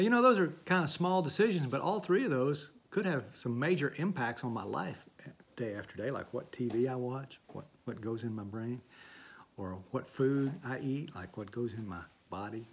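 A man's voice: medium pitch, husky. A man preaching a sermon in a folksy, conversational way, with asides and stories. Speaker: pastor.

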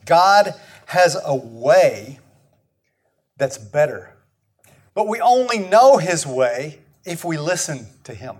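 Male pastor, high voice, slow unhurried delivery, chatty sermon. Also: breathy edge. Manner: conversational, questioning the congregation, animated.

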